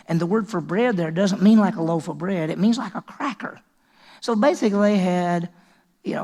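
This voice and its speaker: A man's voice: high-pitched, gravelly, darkish tone. A male pastor preaching a sermon in a conversational way, often restarting and repeating words.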